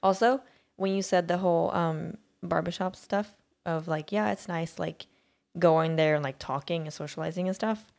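A woman's voice: fairly low pitch, normal speed, vocal fry, a little mellow. A woman co-hosting a podcast, chatting casually and rambling with many fillers and restarts. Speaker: podcast co-host. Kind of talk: casual chat.

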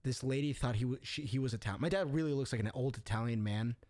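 A young man from the Middle East in casual chat, telling animated stories with plenty of swearing. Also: medium pitch, fast talker, no room sound, studio quality.

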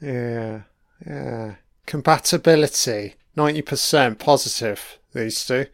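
A man's voice: mid-range voice, unhurried, creaky, no echo, clean studio sound. A man giving crude, profane live reaction commentary while watching an episode. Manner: crude, profane running remarks.

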